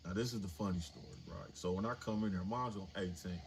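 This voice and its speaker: A man's voice: sits low, quick pace. A man in his forties telling a story casually and animatedly on a livestream, swearing freely. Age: 40s. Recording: noisy livestream audio.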